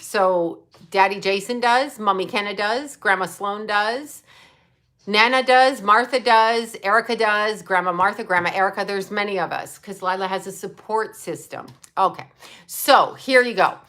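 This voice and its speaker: An older woman, a psychic, hosts a livestream where she answers viewers bluntly and with plenty of profanity, thanking them for super chats. Her mid-range voice is a bit bright and moves at a normal speed.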